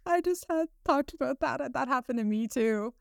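A woman's voice: high-pitched, lively intonation, moderate pace, gravelly, no echo, clean studio sound. A woman hosting a casual podcast chat, chiming in with sympathetic, relatable remarks.

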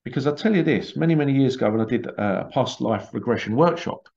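A man's voice: medium pitch, animated, quick pace, gravelly, a little mellow. A man telling a long, rambling story, full of restarts and acted-out quotes. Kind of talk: casual conspiracy talk, storytelling. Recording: dull lo-fi sound.

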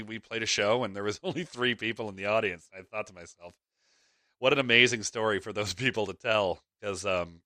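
A man's voice: on the low side, pushed and bright, dry recording, studio quality. A middle-aged man hosting a podcast, telling a casual story in a rambling, chatty way with lots of fillers and restarts. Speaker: podcast host.

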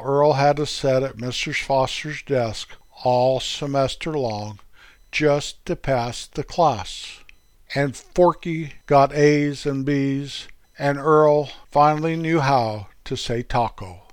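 A man hosting a podcast, telling corny puns and comic stories in a deadpan way. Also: medium pitch, slow pace, no room sound. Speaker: podcast host. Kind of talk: comic storytelling.

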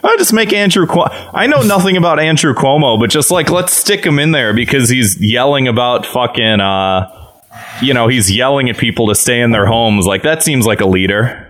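A man's voice: medium pitch, moderate pace, fairly bright tone. A man co-hosting a podcast, chatting casually in a mocking, exasperated way. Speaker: podcast co-host. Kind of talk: casual profane commentary.

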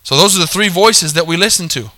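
Man preaching, high voice, very bright and forceful tone, calls for amens, repeats himself. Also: brisk. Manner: calls for amens, repeats points, corrects himself mid-sentence. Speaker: pastor. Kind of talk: sermon.

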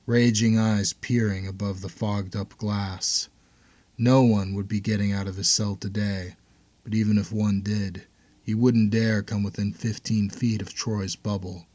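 Male narrator for fiction, steady and tense delivery, dry close sound. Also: fairly low pitch, no room sound.

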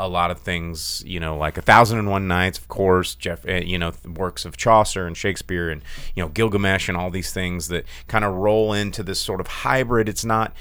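A low, smooth-voiced man talks through a film review in a loose, chatty way. He stumbles over restarts and fillers, then swings his pitch way up when he gets worked up. The sound is close and dry. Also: no echo. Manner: animated, swooping pitch, many fillers and restarts. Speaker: film review podcast host. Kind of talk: casual film review chat.

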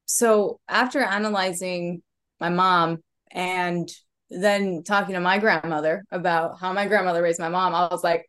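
A woman in her thirties, a comedian on a podcast, telling stories in an animated way with laughter. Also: on the low side, measured pace, smooth. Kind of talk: casual chat.

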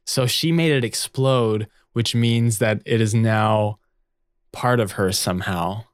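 A man playing a tabletop game, talking in a relaxed, casual way. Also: on the low side, takes it slowly, clear, resonant tone, dry recording. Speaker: player. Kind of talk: tabletop role-play.

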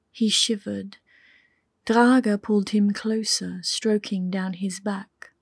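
A woman narrating an audiobook in a soft, intimate way that often drops to a whisper. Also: medium pitch, fairly even intonation, takes it slowly, creaky, breathy edge, no room sound, clean studio sound. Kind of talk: scripted narration.

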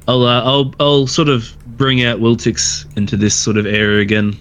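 A man's voice: mid-range voice, level tone, normal speed, few pauses, a bit bright, a little hiss or hum. A man playing a tabletop role-playing game, talking hesitantly with many fillers and restarts. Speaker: player.

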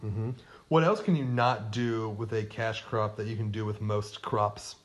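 A man's voice: lowish voice, steady tone, unhurried. Man quizzing his co-host playfully. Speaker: podcast co-host. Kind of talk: casual history podcast chat.

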